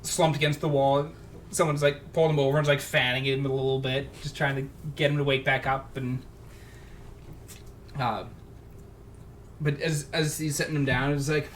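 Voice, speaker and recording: A man narrating a tabletop game as game master, describing scenes in halting bursts full of fillers. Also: mid-range voice, flat delivery. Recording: faint background noise.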